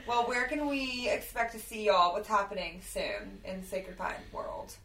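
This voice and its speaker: A woman's voice: medium pitch, lively intonation, moderate pace, distant mic, background noise. A woman hosting a podcast interview, playful and teasing, laughing often. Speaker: podcast host. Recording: echoey room, off-mic.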